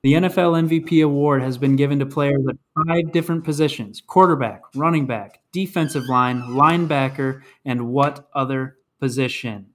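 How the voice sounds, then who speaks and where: A man's voice: medium pitch, moderate pace, few pauses. A man hosting a casual podcast trivia game, reading clues and announcing scores.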